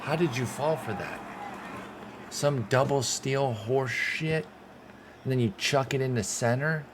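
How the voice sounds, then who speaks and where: A man giving casual play-by-play commentary while playing a baseball game, excitable and swearing when things go wrong. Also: mid-range voice, unhurried, background noise. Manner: excitable, swears when frustrated, talks to himself. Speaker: gaming channel host.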